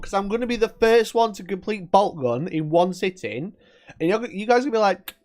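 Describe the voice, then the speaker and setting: A man's voice: sits high, sing-song, normal speed, darkish tone, soft background music. A man hosting a live stream, chatting casually with his viewers and trading sweary, mock-angry banter with them.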